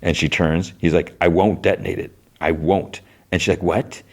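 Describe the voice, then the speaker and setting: A man's voice: low voice, fairly even intonation, moderate pace. A man hosting a podcast, casually retelling a show's scenes, quoting characters with loose voice shifts and sarcastic asides. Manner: quotes characters with loose voice shifts, many fillers like "like". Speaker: podcast host recapping a series.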